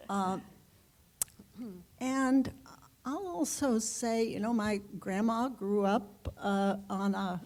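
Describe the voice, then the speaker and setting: A woman being interviewed as a guest author, answering in an unhurried, reflective way with pauses and fillers. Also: on the high side, darkish tone. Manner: unhurried, reflective, halting with fillers and light laughs.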